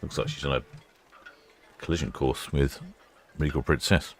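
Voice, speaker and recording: A man with a very deep voice gives relaxed live commentary. He rambles from thought to thought and fills the gaps with plenty of uhs. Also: moderate pace, slight background noise. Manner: chatty, rambling, with many fillers. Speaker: ship-watching livestream host.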